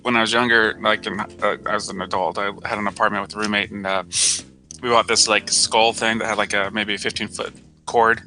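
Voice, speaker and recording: A man hosting a live-streamed show in casual chat, joking and laughing often, with soft music behind. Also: fairly low pitch, flat delivery, brisk. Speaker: show host. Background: soft background music.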